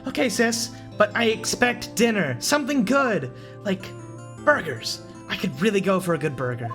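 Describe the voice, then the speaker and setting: A man doing a squeaky, bubbly teenage girl. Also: normal speed. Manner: high, squealing excitement. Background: game music.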